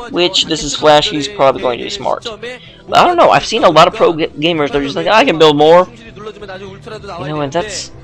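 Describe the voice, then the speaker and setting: A man's voice: medium pitch, fairly bright tone. A sleepy man, yawning late at night, giving casual play-by-play commentary on a game, chatty and full of joking asides.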